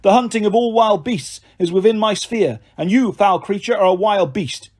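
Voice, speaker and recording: A man voicing a stern, commanding young goddess of the hunt who speaks calmly, coldly and formally. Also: sits high, moderate pace, voice pushed up. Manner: calm, cold and formal.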